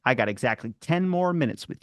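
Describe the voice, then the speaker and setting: A man's voice: medium pitch, animated, fairly quick, dry recording. A man with a Baltimore accent and a mid-range voice, hosting a podcast chat. He talks in a chatty, curious, rambling way, and the sound is dry and close. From Maryland, United States. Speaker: podcast host. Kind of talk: casual chat.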